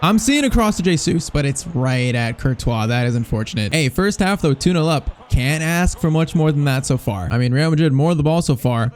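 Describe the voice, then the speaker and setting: A young man giving live, excitable commentary over a football video game, reacting nervously and shouting at big chances. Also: on the high side, moderate pace, few pauses, slight background noise. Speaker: gaming YouTuber.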